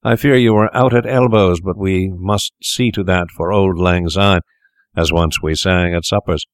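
A man's voice: deep voice, steady tone, a little slow, no echo. Man doing a wealthy old physician, stammering, nervously placating, dry close audiobook sound. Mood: flustered. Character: flustered wealthy older male physician. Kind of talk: audiobook reading.

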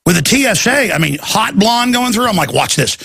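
A man's voice: extremely high pitch, lively intonation, fairly quick, gravelly, fairly bright tone, slightly rough, dry recording. A man hosting a talk show, rambling through a casual monologue with restarts and acted-out quotes.

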